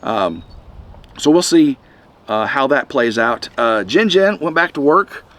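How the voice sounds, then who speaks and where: A middle-aged man rambles to his camera outside on a windy day. His voice sits at an ordinary pitch, and he talks in stops and restarts with a slightly congested chest. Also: animated, fairly bright tone. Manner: rambling, halting, many restarts. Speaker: vlog host. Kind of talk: casual rambling vlog. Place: outdoors in the wind.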